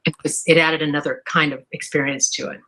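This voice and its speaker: A woman's voice: low-pitched, level tone, fast talker, sharp tone. A woman author answering interview questions in a thoughtful, enthusiastic way. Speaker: author guest.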